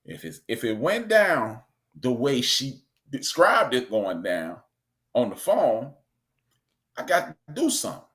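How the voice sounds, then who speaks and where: A man, co-hosting a casual talk show and telling an animated story. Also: mid-range voice, measured pace. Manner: storytelling, animated, acts out quotes. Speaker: podcast co-host. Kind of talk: casual chat.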